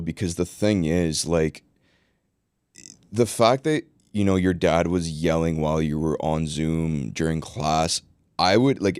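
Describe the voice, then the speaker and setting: A man's voice: deep voice, a little mellow, no echo. A man hosting a podcast, talking bluntly and casually, swearing freely and saying "like" and "dude" a lot. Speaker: podcast host. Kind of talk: casual conversational interview.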